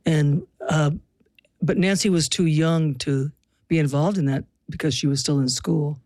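A woman's voice: deep voice, fairly even intonation, a little slow, a little mellow, no echo, clean studio sound. An older woman from the US Pacific Northwest, a musician guest telling stories in an interview with a wry, reflective manner. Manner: reflective, wry storytelling with laughs. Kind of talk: interview conversation.

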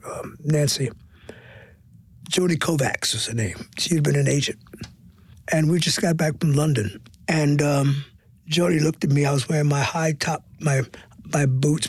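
Older man with a gravelly voice. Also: fairly high pitch. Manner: expressive, repeats words, drops into hushed tones for emphasis. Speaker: guest, stage performer. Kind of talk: interview storytelling.

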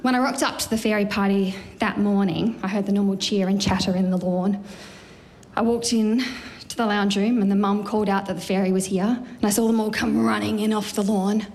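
A woman telling a lively, self-mocking personal story on stage. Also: mid-range voice, brisk.

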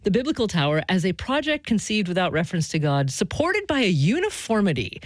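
Lively-voiced radio host asking questions. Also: female voice, medium pitch, fairly quick, no echo. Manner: lively, conversational questioning with fillers. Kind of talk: radio interview.

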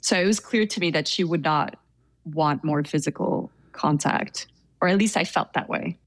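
A young woman telling a personal story in an interview, soft-spoken and hesitant with many fillers. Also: low-pitched, moderate pace, no room sound, studio quality. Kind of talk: conversational storytelling.

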